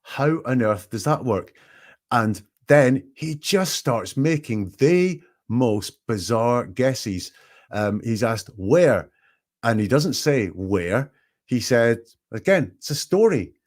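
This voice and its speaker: A man's voice: medium pitch, very animated, takes it slowly. A man hosting, analyzing a recorded call with emphatic, questioning commentary. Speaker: statement analyst host.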